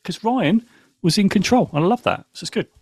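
A man's voice: high voice, lively intonation, fairly quick, darkish tone, slightly rough, dry recording, clean studio sound. A man hosting a casual live podcast, giddy and rambling, talking over his co-hosts after some wine. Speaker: podcast host.

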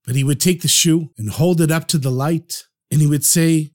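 A male storyteller narrating a traditional tale for his podcast. His voice sits high for a man, and he tells the story expressively, breaking into the voices of the characters. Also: normal speed, few pauses. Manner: warm, expressive, acts out the characters.

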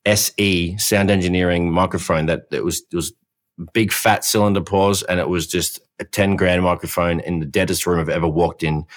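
Deep-voiced man telling stories. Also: fairly even intonation, moderate pace. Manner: storytelling, enthusiastic, swears. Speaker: podcast co-host. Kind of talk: casual chat.

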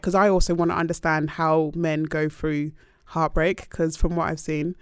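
A woman's voice: lowish voice, little pitch movement, brisk, dry recording, clean studio sound. A woman in her twenties hosting a casual podcast, chatty and giggly. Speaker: podcast host.

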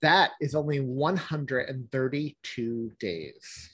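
A man's voice: mid-range voice, takes it slowly, fairly bright tone, breathy edge, no room sound. A man with a lilt hosts a casual podcast, chatty and upbeat. His voice sits mid-range, and the sound is dry and close. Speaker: podcast host. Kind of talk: casual chat.

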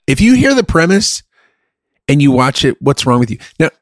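A man's voice: on the high side, very animated, moderate pace, no echo. A man co-hosting a podcast, chatting casually and bluntly, swearing often as he rants. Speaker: podcast co-host. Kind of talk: casual profane chat.

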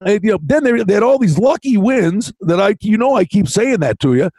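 A man's voice: sits high, animated, fairly quick, a little mellow, breathy edge, no echo. A man co-hosting a sports betting podcast in casual chat, with a theatrical, hammy way of building things up. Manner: theatrical, hammy build-ups with mock voices. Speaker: podcast co-host, hockey betting.

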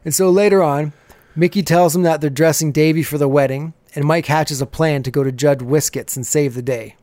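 A chatty man with a slightly raised pitch hosts a podcast, retelling scenes casually and breaking into laughs as he goes. His voice sits close and dry, with almost no room sound. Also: steady tone, a little fast, a little mellow, no echo. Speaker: podcast host. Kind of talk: casual episode recap.

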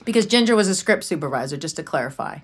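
A woman's voice: sits low, sing-song, fast, slightly rough. A woman hosting a podcast in casual chat, teasing and blunt with a dry edge. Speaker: podcast host.

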